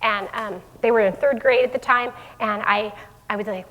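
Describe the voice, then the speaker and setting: A woman's voice: on the high side, brisk, fairly bright tone. A middle-aged woman giving a parenting talk to an audience of parents, conversational, with many fillers and restarts. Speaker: school division head giving a parenting talk. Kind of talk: live presentation to parents. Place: room with an audience. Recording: long hall reverb.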